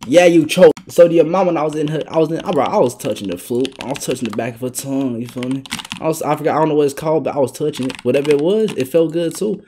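A young man doing live gameplay commentary, brash and trash-talking, bursting into excited yelling. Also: on the high side, fast, a little hiss or hum. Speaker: gaming YouTuber.

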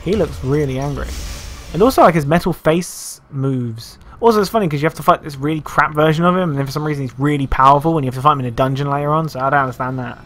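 Joking, higher-voiced gaming man. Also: fast, fairly bright tone, faint music behind. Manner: joking, sarcastic, self-mocking. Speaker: gameplay commentator. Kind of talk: casual gameplay commentary.

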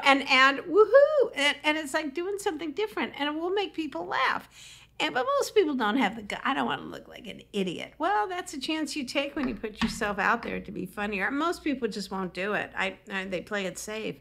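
Bright, animated comedian woman. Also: gravelly. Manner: animated storyteller acting out quips with high whoops. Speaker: comedian and public speaking coach. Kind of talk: podcast interview.

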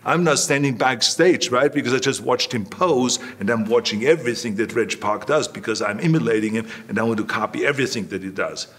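A man's voice: medium pitch, fairly quick, few pauses, a bit bright, slightly rough. Older man telling stories. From Austria. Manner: anecdotal, repeats himself, acts out quoted voices. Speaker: interview guest. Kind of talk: storytelling in an interview.

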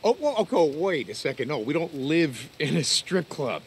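An actor playing an easygoing outlaw biker in a video game, joking and deflecting. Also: male voice, fairly high pitch, very animated, moderate pace, slight background noise. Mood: teasing. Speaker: game character. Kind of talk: video game dialogue acting.

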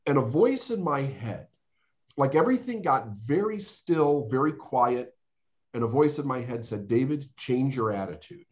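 A middle-aged man from the United States speaks as a podcast guest. His voice sits at an ordinary male pitch, and he tells his story in an earnest, heartfelt way, slowing down and pausing for weight. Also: sing-song. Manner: earnest, emotional storytelling with dramatic pauses. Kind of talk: storytelling interview.

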